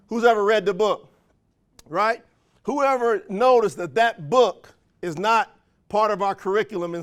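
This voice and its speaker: A man giving a live motivational speech at a sales training, full of rhetorical questions and folksy call-and-response. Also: high-pitched. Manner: folksy, countrified phrasing. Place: event room.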